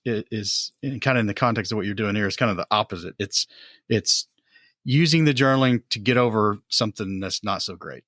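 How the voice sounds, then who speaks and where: A male podcast host in a relaxed chat, feeling his way through his thoughts with frequent restarts. His voice sits at an average pitch and sounds close and dry. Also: no echo. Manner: hesitant, thinks aloud with many restarts. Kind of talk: casual podcast conversation.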